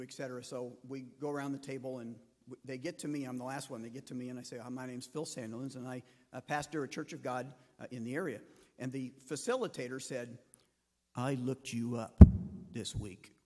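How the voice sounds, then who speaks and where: A man's voice: medium pitch, steady tone, fast talker, long reverb tail. A man, a pastor, preaching a sermon and telling a story, acting out the voices of the people in it. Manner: storytelling, acts out quoted voices.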